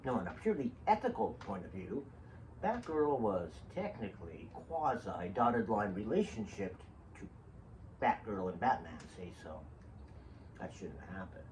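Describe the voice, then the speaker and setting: A man with a lowish, a little mellow voice hosts his own show, telling casual, meandering stories in a sing-song way and a little slowly, with joking remarks to listeners. The distant mic picks up a faint background hiss.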